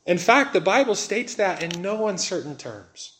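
Earnest, fairly high-voiced male preacher. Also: big pitch swings, a bit bright, slight background noise. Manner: earnest, slows down to stress key words. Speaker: pastor. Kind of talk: sermon.

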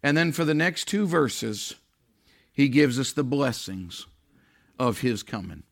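A man preaching a sermon, swinging between loud, drawn-out emphasis and low, hushed lines. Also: animated, gravelly. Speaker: pastor.

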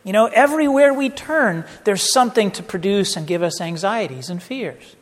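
Middle-aged male pastor, high voice, casual sermon delivery with jokey asides, long hall reverb. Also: animated, moderate pace. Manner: conversational preaching with asides and humor.

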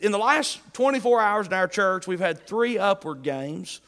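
Man, pastor, folksy sermon, high-pitched, long hall reverb. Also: lively intonation, normal speed, bright, forceful tone. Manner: folksy, jokey preaching with rising emphatic bursts.

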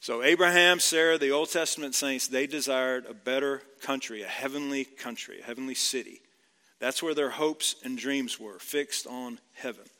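A man's voice: medium pitch, normal speed, sharp tone, in a large hall. A male pastor from Georgia preaching a sermon in a conversational way, often checking in with "right?".

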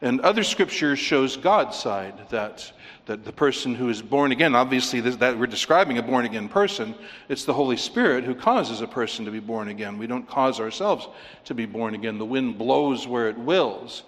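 Male preacher, mid-pitched, earnest, repeats lines for weight; reverberant hall. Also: animated, moderate pace, a bit bright. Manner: earnest, repeats phrases for emphasis. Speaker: pastor. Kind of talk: sermon.

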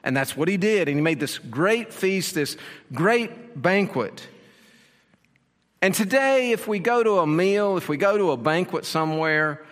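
A man's voice: fairly high pitch, fairly bright tone, long reverb tail. A man preaching a sermon as pastor, explaining the passage with rhetorical questions and repeated phrases.

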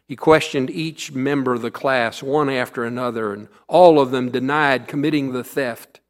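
A man's voice: medium pitch, normal speed, few pauses. A male pastor delivering a sermon, telling a story in an earnest way.

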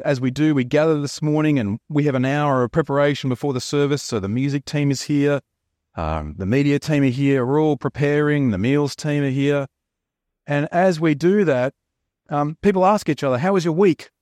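An Australian man preaching with a chatty, joking storyteller's manner. His voice sits a little higher than most men's, and the sound is close and dry, with no room echo. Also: darkish tone. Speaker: pastor. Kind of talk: sermon.

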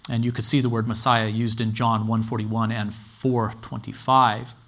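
Guy giving a teaching sermon, calm and methodical, normal-pitched voice, keeps quoting verse numbers. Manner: measured and explanatory, citing scripture references. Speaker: Bible teacher.

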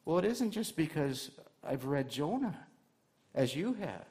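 A man's voice: a little high, sing-song, a little slow, darkish tone. A male pastor delivering a conversational sermon to his church, asking the congregation rhetorical questions and adding light humor.

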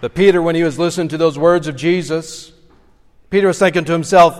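A man's voice: a little high, fairly even intonation, brisk. A man preaching a sermon as pastor, earnestly retelling scripture scenes in expository style. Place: church sanctuary. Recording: long church reverb.

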